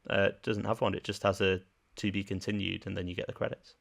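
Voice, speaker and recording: A man's voice: low voice, flat delivery, fast, vocal fry, a bit bright. A man with a Birmingham accent co-hosting a podcast, chatting and reading out trivia facts. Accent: Birmingham English. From England. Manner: reads out production facts, chatty, laughs easily. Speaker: podcast co-host.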